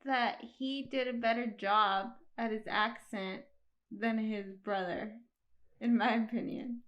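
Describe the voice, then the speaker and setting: A woman co-hosting a casual movie review chat, agreeable and quick to laugh. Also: a little high, steady tone, a bit bright, dull audio.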